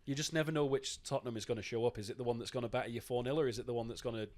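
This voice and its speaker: A man's voice: mid-range voice, steady tone, racing, a little mellow. Chatty man talking football. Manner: chatty, swears freely, laughs often. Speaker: podcast co-host. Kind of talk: casual football chat.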